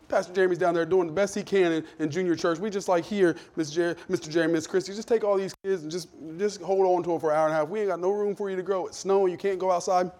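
A middle-aged male pastor, preaching a lively sermon full of personal stories, moving from jokey asides to loud rebukes. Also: high voice, very fast, hardly any pauses. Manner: animated, shifts from jokey asides to shouted rebukes.

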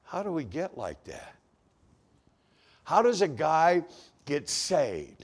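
A man preaching a sermon, telling a story with acted-out dialogue and swinging from hushed to loud. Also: a little high, wildly swooping pitch, slow pace, pauses often. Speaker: pastor.

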